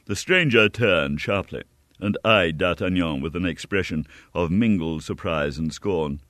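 A man narrating a novel in an expressive, measured audiobook reading. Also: sits low, no echo.

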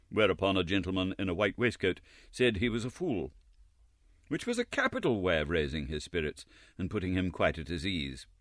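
A man reading a classic novel aloud as an audiobook narrator, expressive and wry. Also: deep voice, no room sound, clean studio sound.

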